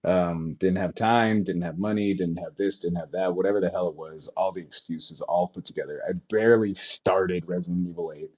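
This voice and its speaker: A man with a lowish voice, heard through a dull, lo-fi line. He talks in casual podcast chat, swinging from loud outbursts to mumbled trail-offs, with some swearing. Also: fairly even intonation, a little fast, few pauses. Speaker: podcast co-host. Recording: dull lo-fi sound.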